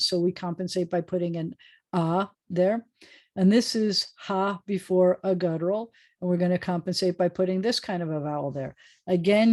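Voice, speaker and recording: Over a video call, a woman rabbi patiently teaches a lesson in prayer book Hebrew, saying "um" often as she explains. Her voice sits in the mid-range with a darkish tone, picked up by the video call microphone.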